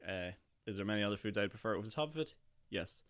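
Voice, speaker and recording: A hoarse young man with a Northern Irish accent, hosting his podcast in a chatty, jokey way. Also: lowish voice, animated, fast, a bit bright. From Northern Ireland. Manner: chatty and jokey, with frequent laughs and fillers. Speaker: podcast host. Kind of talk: casual solo podcast chat.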